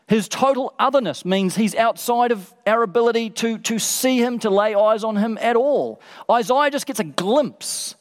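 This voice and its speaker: A man preaching a sermon, emphatic and building through repeated phrases. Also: sits high. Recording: long reverb of a large hall.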